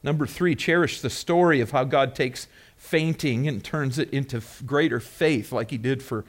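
A man's voice: medium pitch, normal speed. A man preaching a sermon as pastor, earnestly reviewing points and then emphatically teaching a word, repeating key terms.

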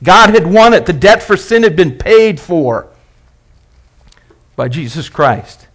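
A male pastor preaching a sermon, emphatic and repetitive, asking the congregation questions and building phrases up, then dropping them low. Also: big pitch swings, slow. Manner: repeats and builds phrases, rising and dropping loudness.

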